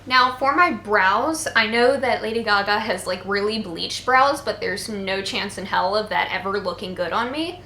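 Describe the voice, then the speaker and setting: Bright-voiced young woman doing a makeup tutorial. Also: medium pitch, moderate pace, hardly any pauses. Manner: chatty and playful, with joking asides. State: tired from poor sleep. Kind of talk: casual makeup tutorial narration. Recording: roomy echo, faint background noise. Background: faint voices of people outside.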